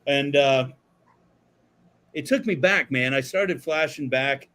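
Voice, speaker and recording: A man's voice: medium pitch, slow pace, a bit bright. Profane laid-back man telling stories. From Florida. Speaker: podcast co-host. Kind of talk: casual chat. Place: studio.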